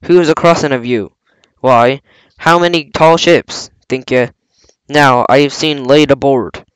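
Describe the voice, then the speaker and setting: A man's voice: medium pitch, a little slow, clean tone, no echo, natural voice, rough recording. A man reading aloud, voicing an impatient, surly pirate coxswain who growls his lines. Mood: gruff.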